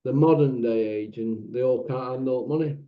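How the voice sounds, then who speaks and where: A man hosting a casual chat, animated and bantering, swearing freely. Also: medium pitch, normal speed, echoey room. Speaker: channel host. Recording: dull lo-fi sound.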